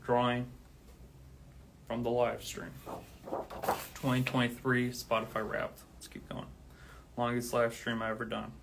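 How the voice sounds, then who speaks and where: A man's voice: mid-range voice, fairly bright tone, slight background noise. A man talking casually on his own livestream, counting steadily and then thanking listeners, out of breath. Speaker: drummer streaming live.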